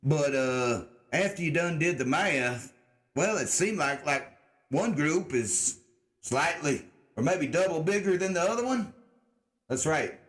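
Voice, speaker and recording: A young man rambling through a casual livestream, talking straight to his chat. His pitch swings widely up and down as he jokes, and he leans into a put-on mock-redneck drawl with plenty of cursing and a sarcastic edge. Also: lively intonation, unhurried. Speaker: livestream host.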